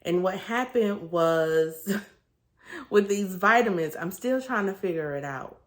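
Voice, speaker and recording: A woman's voice: medium pitch, expressive, slow pace. A woman giving a candid, casual vlog update to her viewers, talking in an earnest, chatty way with plenty of fillers and restarts. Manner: chatty, earnest, with frequent fillers and self-corrections. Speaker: vlogger sharing a weight-loss surgery journey.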